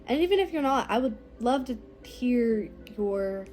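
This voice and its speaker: A teenage girl talking casually to the camera, slow and reflective, her phrases often trailing off softly. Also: fairly high pitch, lively intonation, soft background music, poor audio. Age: teens. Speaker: vlogger. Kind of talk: casual personal talk to camera.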